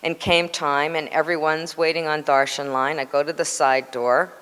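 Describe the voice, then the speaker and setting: A woman in her sixties with a low voice tells an animated personal story, slipping into other people's voices. The sound carries a long hall reverb. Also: normal speed, smooth. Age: 60s. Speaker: devotee sharing memories.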